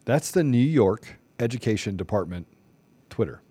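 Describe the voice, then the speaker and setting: A man's voice: on the low side, expressive, normal speed, slightly rough. A middle-aged man hosting a podcast, delivering a preachy, impassioned monologue full of repeated rhetorical questions. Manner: preachy, repetitive rhetorical questions, rising to near shouting. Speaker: podcast host.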